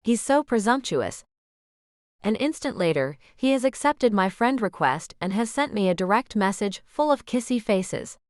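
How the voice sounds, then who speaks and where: A woman narrating a romance audiobook in the first person, musing in an expressive, questioning way. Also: mid-range voice, normal speed, no room sound, clean studio sound.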